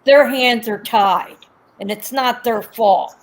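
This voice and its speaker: Philly-accented woman, lively casual chatter, slightly high voice. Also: slow, rough recording. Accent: Philadelphia. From Philadelphia. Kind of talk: casual chat.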